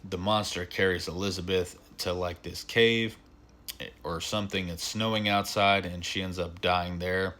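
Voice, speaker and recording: Deep-voiced man rambling through a film review. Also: steady tone, normal speed, sharp tone, slight background noise. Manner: rambling, filler-heavy retelling with frequent "like" and "um". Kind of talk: casual spoken film review.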